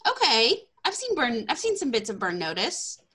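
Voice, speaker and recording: A woman's voice: fairly high pitch, huge pitch swings, moderate pace, sharp tone, breathy edge. A woman in her twenties from Texas, hosting a casual podcast chat, bubbly and self-deprecating, laughing often. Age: 20s. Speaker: podcast host.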